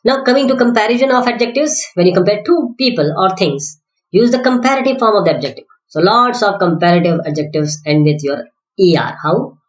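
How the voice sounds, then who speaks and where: A woman's voice: mid-range voice, lively intonation, fairly quick. A woman teaching an English grammar lesson. She drills word lists aloud, spells out letters one by one and corrects herself as she goes. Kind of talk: classroom-style grammar lesson. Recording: roomy echo.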